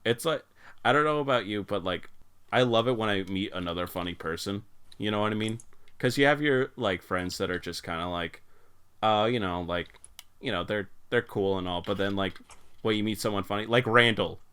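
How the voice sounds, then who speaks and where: A young man with a somewhat low voice hosts a laid-back podcast. He rambles, swears freely and drops into little mocking impressions of people from work. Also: moderate pace, fairly bright tone, clear, resonant tone. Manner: rambling, swears a lot, mimics coworkers in put-on voices. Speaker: podcast host. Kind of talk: casual podcast chat.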